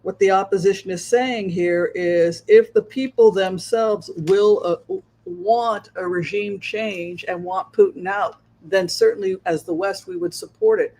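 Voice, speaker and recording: Male stream host with a high voice, rhetorical political commentary, keeps checking in with "right?". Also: unhurried, darkish tone. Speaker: psychic show host.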